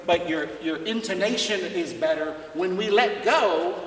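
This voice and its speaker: A visiting jazz trumpet clinician with a high, slightly bright voice teaches students at a measured pace in a school music room or hall. He's conversational, laughs often, and asks them questions, recorded from far off in an echoey space.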